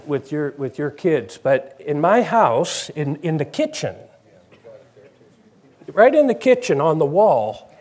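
A man's voice: on the high side, darkish tone, husky. A man preaching a conversational sermon, asking his congregation questions.

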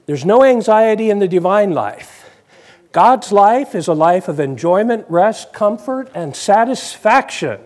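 A man's voice: high-pitched, very animated, unhurried, a little mellow. A man preaching a conversational sermon, asking his congregation questions.

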